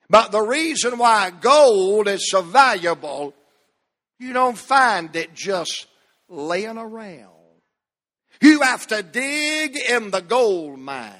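High-voiced preacher in a reverberant hall. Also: male voice. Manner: emphatic preaching, repetitive cadence building to loud peaks. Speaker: pastor. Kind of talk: sermon. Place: church sanctuary.

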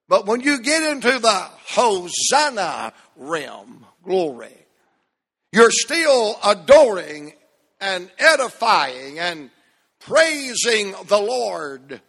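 High-voiced preacher, echoey church. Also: male voice, animated, fairly bright tone. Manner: preaching with call-and-response, drawn-out emphatic phrases. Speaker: pastor. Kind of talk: sermon.

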